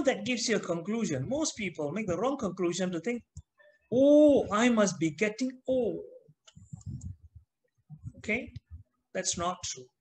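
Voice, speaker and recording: Middle-aged male trainer, high-pitched and chatty, leading an online lesson. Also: a bit bright, slight background noise, low-quality recording. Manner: chatty, asks the class questions. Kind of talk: online class talk.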